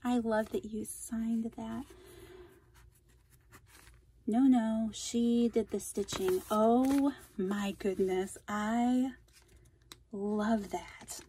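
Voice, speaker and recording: Slow-talking gushing woman vlogger. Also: fairly high pitch, fairly even intonation, warm tone, slightly rough. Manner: gushing, effusive thanks. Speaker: craft channel host. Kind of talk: casual unboxing vlog.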